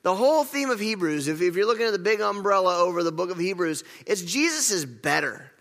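A man's voice: high voice, animated, a little fast, a bit bright. A pastor delivers his sermon in a slightly raised voice, earnest and prone to stumbling restarts. His words ring through a church hall with a long, lingering reverb.

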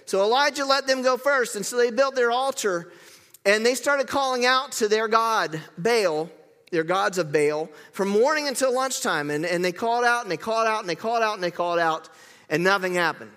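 A man's voice: sits high, lively intonation, moderate pace, a bit bright, long reverb tail. A man preaching a sermon, telling the story in a playful, chatty way and asking the crowd questions.

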